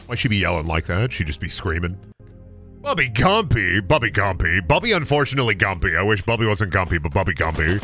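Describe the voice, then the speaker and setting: A man's voice: low-pitched, very animated, a little fast, bright, forceful tone, soft background music. A man streaming a video game, chatting casually with viewers and thanking subscribers, often repeating silly made-up phrases in a sing-song way.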